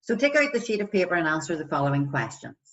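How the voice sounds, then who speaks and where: A woman with a low, fast, sing-song voice and a fairly bright tone works as a wellbeing coach, guiding listeners through a self-compassion exercise. She asks lots of questions and acts out example voices in this guided self-help piece. The recording sounds distant, dull and lo-fi.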